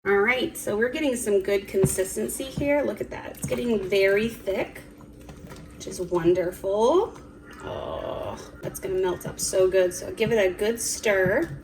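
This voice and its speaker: A woman's voice: medium pitch, unhurried, slight background noise. A woman vlogging a cook-along in her home kitchen, chatty and giggly, rambling with fillers as she talks to the camera. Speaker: cooking vlogger. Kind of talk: casual cook-along chat. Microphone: camera on a tripod.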